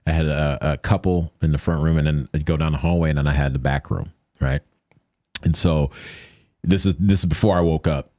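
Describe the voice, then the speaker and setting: A man from the United States, a podcast guest, telling a story in animated fashion and acting out the voices of the people in it. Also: very deep voice, brisk, no room sound, clean studio sound. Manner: animated retelling that acts out quoted voices.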